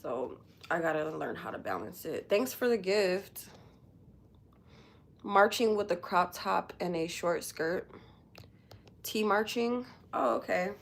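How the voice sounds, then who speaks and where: Low-voiced woman chatting on livestream. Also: expressive, takes it slowly, vocal fry, long pauses. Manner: candid, rambling, filler-heavy talk; blunt, with casual swearing. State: emotional, recently crying. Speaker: livestream host. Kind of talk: casual livestream chat.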